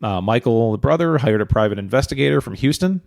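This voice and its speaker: A man co-hosting a podcast, telling a true-crime story in a relaxed, rambling way with many fillers and joking asides. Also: medium pitch, quick pace, vocal fry, no echo, clean studio sound. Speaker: podcast co-host.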